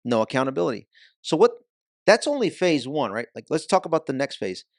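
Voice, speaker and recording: A man's voice: a little high, sing-song, a little fast, vocal fry, dry recording, clean studio sound. A man talking as a podcast guest in a casual interview, with an emphatic, punchy delivery.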